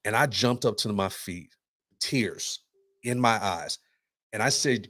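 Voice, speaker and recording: Male podcast co-host, animated storyteller, mid pitch, dry close sound. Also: normal speed, dry recording. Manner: animated storyteller, acts out quotes, says "right?" often. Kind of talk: casual conversation.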